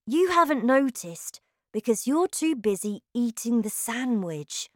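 A sensible young boy in a mouse's body, patient and reassuring, voiced by a woman reading a storybook. Her raised voice rises and falls a lot at an unhurried pace. The recording is dry and close. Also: on the high side, big pitch swings, dry recording, pitched above the performer's own voice.

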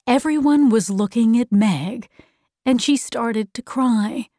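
Woman narrator reading a storybook aloud, fairly high voice, deliberate delivery. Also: warm tone, no room sound, studio quality. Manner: slow, deliberate, clearly paced.

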